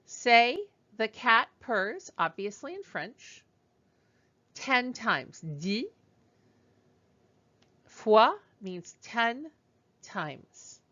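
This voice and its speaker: A woman leads a beginner French lesson at a slow, unhurried pace. Her pitch rises and falls in a lively way as she models each sound and repeats it patiently. The audio is dull and a little lo-fi. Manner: slow, patient, demonstrative pronunciation drills. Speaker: French teacher.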